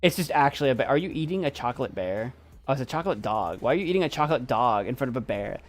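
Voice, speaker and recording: Playful man with a lively voice. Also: medium pitch, rapid-fire. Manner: playful, jokey, laughs often. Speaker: streamer host. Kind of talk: casual commentary on viewer photos.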